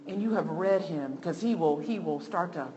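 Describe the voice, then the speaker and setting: A woman's voice: on the low side, normal speed, darkish tone, dull audio. A woman preacher delivering a fervent sermon, repeating phrases for emphasis. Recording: long hall reverb, faint noise.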